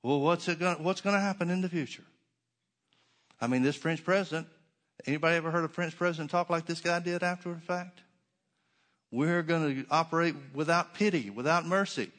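A man's voice: on the high side, fairly bright tone. A man preaching a sermon as pastor, emphatic, with rhetorical questions and dry sarcastic asides.

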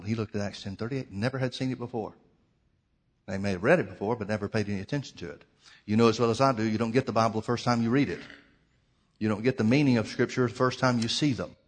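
A male preacher telling a story in a sermon, dramatic, swinging between loud outbursts and hushed near-whispers. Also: medium pitch.

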